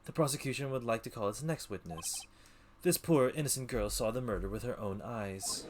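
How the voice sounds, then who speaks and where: A man voicing a cold, smug young male prosecutor who talks low, clipped and haughty. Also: fairly quick, background noise, natural voice.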